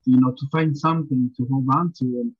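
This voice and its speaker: Husky man on a dull lo-fi mic. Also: medium pitch, steady tone, a little fast, no room sound. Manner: rambling, many restarts, sympathetic. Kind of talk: casual film discussion.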